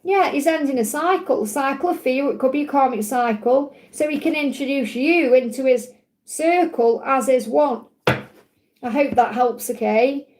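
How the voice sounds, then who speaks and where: A woman hosting a live stream, giving reassuring card readings to viewers with a calm, soothing manner and often repeating key phrases. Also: sits high, unhurried, background noise. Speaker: tarot reader hosting a live Q&A.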